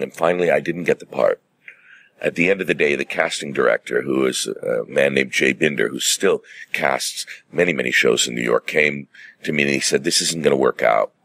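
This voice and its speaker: Very deep, gravelly middle-aged man. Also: a bit bright, no echo. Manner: measured, theatrical anecdote-telling with acted-out quotes. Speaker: guest stage actor. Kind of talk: relaxed storytelling in an interview.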